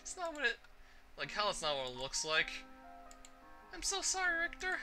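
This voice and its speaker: A man voicing a timid, distraught teenage girl in a soft, tearful voice while reading a game aloud. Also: very high-pitched, huge pitch swings, normal speed, soft background music, voice pushed up, exaggerated voice. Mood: panicked.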